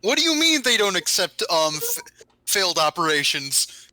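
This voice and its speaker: Young male gamer, high and very bright, animated, excitable blurting. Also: normal speed, a little hiss or hum. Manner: excitable, loud protests. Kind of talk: casual chat while gaming.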